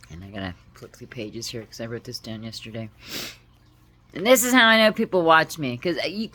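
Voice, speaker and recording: A woman with a notably low voice talks straight to camera in a personal vlog. She speaks in a heartfelt, halting way, pausing and restarting as she tells her story. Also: fairly bright tone. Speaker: vlogger.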